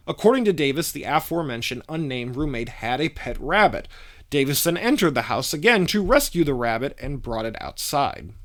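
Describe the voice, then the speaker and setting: A man reading a scripted news report in a measured, formal way. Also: medium pitch, very animated, a bit bright. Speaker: reporter narrating a news story.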